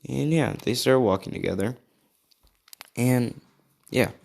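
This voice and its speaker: A man's voice: mid-range voice, slow pace, vocal fry, darkish tone. A tired young man improvising a fan story, rambling and hedging with lots of fillers. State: tired, yawning.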